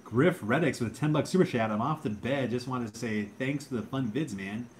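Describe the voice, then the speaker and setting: A man's voice: medium pitch, brisk, slight background noise. A man hosting a casual livestream, rambling laid-back chat and thanking viewers, says bro and dude a lot while drinking beer. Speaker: livestream host.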